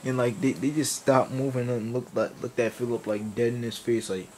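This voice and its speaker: A man's voice: mid-range voice, steady tone, normal speed, a little mellow, a little hiss or hum. A man telling a comic story, rambling and laughing, often cutting himself off mid-sentence. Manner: rambling, laughing, self-interrupting. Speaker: vlogger. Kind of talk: comedic storytelling.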